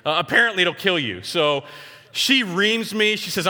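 A man's voice: sits high, normal speed. A man in his forties from Texas, preaching a sermon and telling personal stories, acting out the voices of the people in them. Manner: animated storyteller who acts out other people's voices. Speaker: pastor. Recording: long hall reverb.

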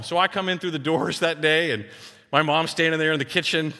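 A man's voice: a little high, fast. A man in his forties from Texas, preaching a sermon and telling personal stories, acting out the voices of the people in them. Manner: animated storyteller who acts out other people's voices. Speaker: pastor. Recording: long hall reverb.

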